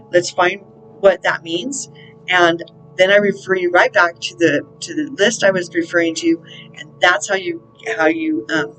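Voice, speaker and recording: Chatty woman rambling over soft music. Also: fairly low pitch, poor audio. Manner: rambling, chatty, peppered with fillers and the odd swear word. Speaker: spiritual counselor and channel host. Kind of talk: casual spiritual monologue to camera.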